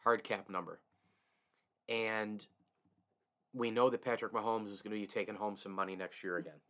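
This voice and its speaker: A man's voice: fairly low pitch, flat delivery, fairly quick, fairly bright tone. A man hosting a solo sports podcast, opinionated and emphatic, with frequent restarts and chuckles. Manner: reads host-read ads.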